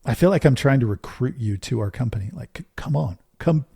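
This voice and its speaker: A middle-aged man hosts a podcast in an earnest, storytelling monologue. His voice is mellow and warm at a middle pitch, recorded close and dry. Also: expressive, a little fast, gravelly, breathy edge, no echo. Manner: earnest, storytelling, fond of rhetorical "right?". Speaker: podcast host.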